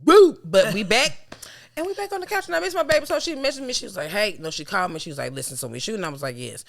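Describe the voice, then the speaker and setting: A woman co-hosting a podcast, swearing freely and laughing through her own stories. Her pitch swings widely from phrase to phrase, and her tone is bright and sharp. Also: lively intonation, racing, vocal fry. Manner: loud, profane, laughing storyteller. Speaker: podcast co-host. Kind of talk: casual chat.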